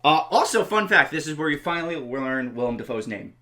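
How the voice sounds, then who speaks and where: A man's voice: on the high side, lively intonation, fairly quick, pushed and bright. A man co-hosting a podcast, recapping a horror film's plot in a plain, casual way. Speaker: podcast co-host. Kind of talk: casual film review chat.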